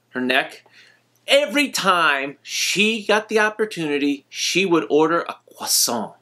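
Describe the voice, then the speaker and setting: A man hosting a vlog, telling a nostalgic personal story in a gentle, reflective way. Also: a little high. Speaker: vlog host.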